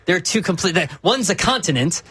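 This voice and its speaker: A man's voice: high-pitched, expressive, a little fast, sharp tone, husky, no room sound, clean studio sound. A man co-hosting a sports radio show, teasing and insistent in casual banter, repeating his point over and over. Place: radio studio.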